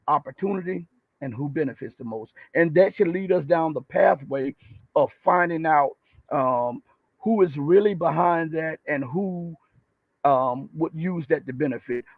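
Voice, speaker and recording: High-voiced man on a tinny phone line. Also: dry recording. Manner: meandering, many ums. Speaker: host. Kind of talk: casual political chat.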